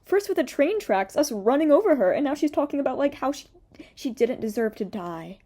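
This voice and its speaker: A woman's voice: high voice, very animated, a little fast, dark tone. A young woman doing reaction commentary, sarcastic and exasperated, swearing freely. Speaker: commentary youtuber.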